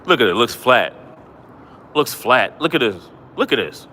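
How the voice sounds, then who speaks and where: A man's voice: medium pitch, sing-song, measured pace, sharp tone, a little hiss or hum. A man hosting a livestream, ranting in a taunting, repetitive, mocking way. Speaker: livestream host.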